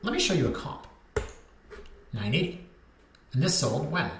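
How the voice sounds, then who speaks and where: A man's voice: on the high side, very animated, normal speed. A man working as a real estate agent, chatting candidly and wandering off topic as he goes over listings. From Canada. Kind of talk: casual market commentary over listings. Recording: echoey room with faint noise.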